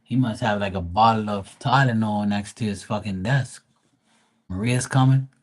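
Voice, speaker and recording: A man's voice: on the low side, moderate pace. A man hosting a casual livestream as a tarot reader, teasing viewers in crude, profane talk.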